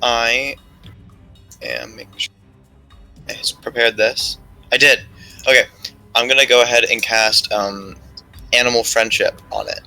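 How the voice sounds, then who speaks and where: A man playing a tabletop game, soft-spoken and unsure, checking the rules aloud. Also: mid-range voice, lively intonation, unhurried, gravelly, pauses often, soft background music, poor audio. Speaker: player. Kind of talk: casual tabletop play.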